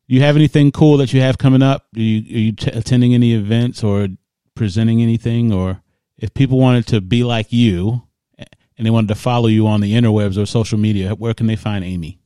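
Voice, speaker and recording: A man hosts a podcast in an easy, joking way and laughs often. His voice sits at a middle pitch. He is recorded close and dry. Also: warm tone, clean tone, no room sound. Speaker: podcast host. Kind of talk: casual interview chat.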